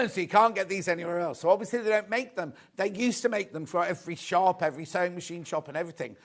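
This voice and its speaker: A man's voice: high-pitched, fast talker. A man presenting a live sewing sales show, chatty and rambling, grumbling good-naturedly at himself. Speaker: shopping channel presenter.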